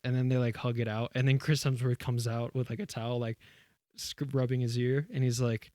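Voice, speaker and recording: A man's voice: mid-range voice, little pitch movement, brisk, dark tone, no room sound, clean studio sound. A young man co-hosting a podcast, casually retelling a comedy sketch with lots of "like" and swearing. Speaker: podcast co-host. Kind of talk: casual chat.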